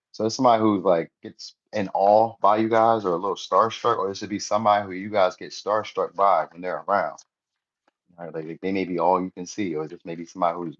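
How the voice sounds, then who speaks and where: A young man doing a loose, slangy, rambling tarot reading. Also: low voice. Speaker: tarot reader. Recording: dull lo-fi sound.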